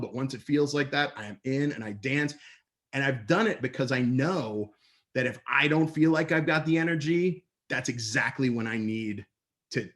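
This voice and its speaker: A man speaking over a video call from home, upbeat and playful as he presents to an online audience. He tells stories and slips into quick voices when he quotes people, at a middling pitch. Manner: lively, playful storyteller with quick put-on voices for others. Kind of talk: energetic online talk. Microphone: computer mic on a video call.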